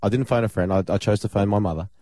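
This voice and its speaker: A man co-hosting a radio show, joking quickly and cheekily. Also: on the low side, warm tone, no room sound, studio quality. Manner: fast, cheeky and jokey. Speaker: radio co-host. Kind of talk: casual radio banter.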